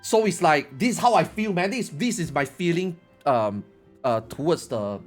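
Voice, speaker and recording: A man's voice: a little high, lively intonation, moderate pace, soft background music. A male gaming streamer giving a casual opinion rant, rambling, repetitive and emphatic.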